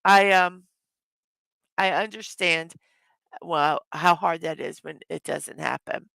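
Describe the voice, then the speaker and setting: A hoarse, tired woman chats through a relaxed morning livestream and welcomes viewers one after another. Her voice is gravelly and her pace slow and unhurried. The sound is close and dry. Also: fairly low pitch, no echo. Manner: warm greetings to chat viewers one by one. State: tired from little sleep. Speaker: livestream host. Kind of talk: casual morning livestream chat.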